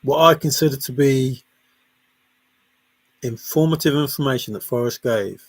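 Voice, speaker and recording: A man's voice: medium pitch, moderate pace, no echo. A man hosting a casual livestream, reading viewer comments aloud and teasing them with a rambling, chuckling manner. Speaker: livestream host.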